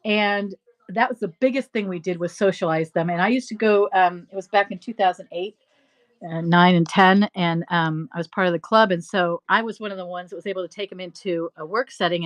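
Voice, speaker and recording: A middle-aged woman hosting a live resale stream, rambling through animated stories and laughing often. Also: lowish voice. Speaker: live-stream reseller host. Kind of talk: chatty live-selling stream.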